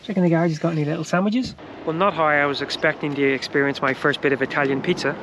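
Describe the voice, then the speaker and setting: A man's voice: fairly high pitch, steady tone, fast, noisy background. A man chatting casually in a travel vlog, teasing and joking while stuck by the road. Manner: jokey, teasing, chuckles often. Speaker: vlogger. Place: stopped van beside a road.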